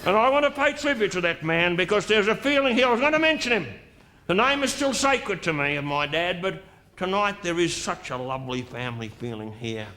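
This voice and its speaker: A man's voice: sits high, very animated, a little fast, bright, forceful tone, full character voice. A man doing a boozy, crude Australian dignitary. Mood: boozy bluster. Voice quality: bawdy, mock-sentimental, blustering. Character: boozy, crude, pompous middle-aged male Australian dignitary. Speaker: stand-up comedian in character. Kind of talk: live comic monologue. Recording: live stage with audience noise.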